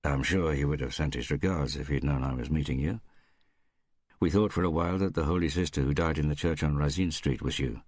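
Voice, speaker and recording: A weary, shrewd police captain, read by a man in a very deep, close, dry voice. He speaks in a measured way with a quiet irony under every line. It sounds like an audiobook reading. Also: no echo.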